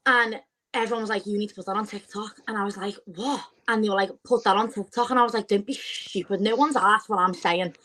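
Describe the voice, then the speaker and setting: A woman, a podcast guest chatting casually and telling stories with lively quoted asides. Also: on the high side, rough recording. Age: 20s. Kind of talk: casual chat.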